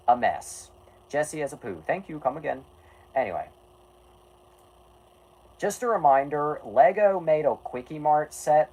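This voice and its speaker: Casting note: animated stream host, voice swinging up and down, jokey and sarcastic, keeps losing the thread and saying "anyway". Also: medium pitch, low-quality recording. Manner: jokey, sarcastic asides, self-deprecating; often breaks off mid-sentence, restarts with "anyway". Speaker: streamer reading an article aloud to chat. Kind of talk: casual stream chat and read-aloud.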